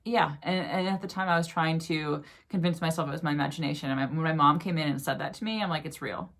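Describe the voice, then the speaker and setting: A woman's voice: low-pitched, fast talker, fairly bright tone. A woman vlogger casually telling a personal ghost story, chatty and full of fillers.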